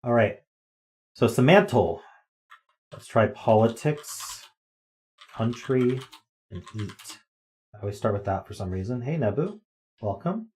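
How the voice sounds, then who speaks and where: A man's voice: mid-range voice, lively intonation, measured pace, pauses often, a little mellow. A man streaming live, chatting casually as he works through word games and thinks aloud with ums and guesses. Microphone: desk microphone.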